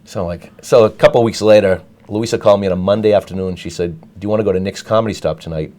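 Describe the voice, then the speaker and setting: A man's voice: on the low side, fairly even intonation, fast, a little mellow. A middle-aged man telling a rambling story in casual chat, full of restarts and asides. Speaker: guest storyteller.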